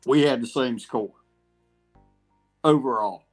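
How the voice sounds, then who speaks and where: A man who competes in barbecue cook-offs, talking as a guest in a casual, halting, laid-back way. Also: medium pitch, soft background music. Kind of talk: casual call-in chat.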